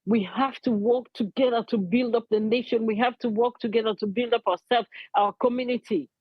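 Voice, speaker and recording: Brief: middle-aged woman, husky, higher-pitched, impassioned advocate giving testimony on a dull recording. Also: fairly even intonation, brisk, no echo. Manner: earnest, emotional, repeats key points. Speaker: community advocate.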